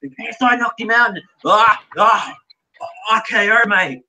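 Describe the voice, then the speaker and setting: A man's voice: normal speed, noisy background, lightly acted. A man putting on an exaggerated broad Australian accent as a hyped-up male online reviewer. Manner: over-the-top, excitable, high-pitched. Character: brash male online reviewer with over-the-top Aussie drawl.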